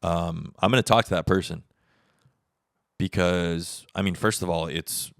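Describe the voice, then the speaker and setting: A man's voice: low voice, steady tone, a little slow, gravelly, a bit bright, no room sound, clean studio sound. A man in his thirties hosting a solo podcast, talking candidly and rambling, swearing casually and acting out the conversations he recounts. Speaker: podcast host. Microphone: podcast mic on camera setup.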